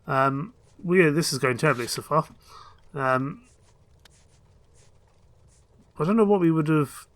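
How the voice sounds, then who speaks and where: A man's voice: on the high side, moderate pace, a bit bright. A man commentating his own gameplay in a chatty, self-mocking way. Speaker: let's play gamer.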